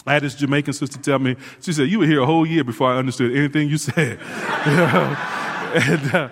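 A man preaching a sermon as pastor, lively and casual with asides and laughs to the congregation. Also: on the high side, quick pace, slight background noise. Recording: hall reverb.

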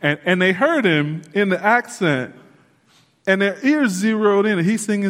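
A man preaching a sermon as pastor, lively and casual with asides and laughs to the congregation. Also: high voice, normal speed. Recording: hall reverb.

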